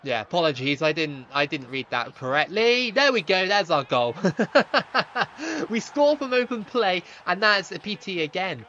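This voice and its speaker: A young man streaming a football game, chatting with viewers and reacting loudly to the play, on a slightly dull lo-fi mic. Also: sits high, lively intonation, a little slow, a little hiss or hum. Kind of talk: live gaming stream commentary.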